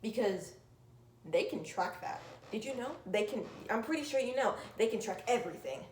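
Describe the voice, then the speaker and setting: Woman, earnest pep-talk delivery, loud urging and hushed asides, recorded in a roomy space with faint ambience. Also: a little high, expressive, moderate pace, slight background noise. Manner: earnest, emphatic, swings from loud urging to soft near-whisper. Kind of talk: motivational monologue.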